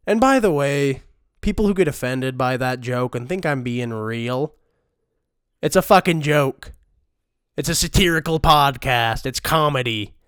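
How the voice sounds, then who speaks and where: A man's voice: a little high, fairly bright tone, clean tone, dry recording, studio quality. A man hosting a satirical comedy podcast, ranting crudely with constant profanity while he sounds sick. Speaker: podcast host.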